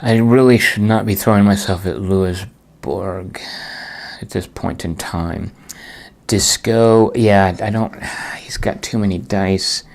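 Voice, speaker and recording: Lowish guy talking himself through a solo board game, mumbly, grumbles when dice go bad. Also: steady tone, slow. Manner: muttering to himself, thinking aloud, groans at bad rolls.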